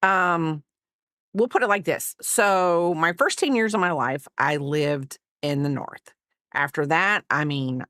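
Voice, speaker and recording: She's a home crafting livestreamer, chatty and rambling, with a self-deprecating habit of apologizing. The voice is low-pitched and a bit bright, captured in studio quality with no echo.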